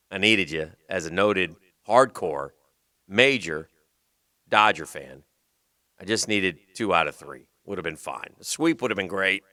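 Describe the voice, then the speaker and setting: A male sports radio host with a slight Southern US accent, rambling in loose banter and sinking into a low mutter. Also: sharp tone, clean tone, dry recording, studio quality. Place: radio studio. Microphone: studio microphone.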